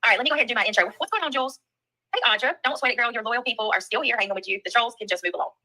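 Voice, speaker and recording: A Southern woman hosts a livestream, talking fast and greeting viewers one after another. Her voice is bright and sharp, pitched a little high, with quick casual chatter. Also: rough recording. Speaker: livestream host. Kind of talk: casual livestream chat reading comments.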